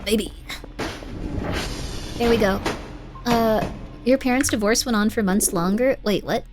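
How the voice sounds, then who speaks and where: A woman's voice: a little high, moderate pace, music in the background. A young woman streaming a game, chatting casually and sympathetically with her chat. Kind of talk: casual gameplay commentary, reading chat.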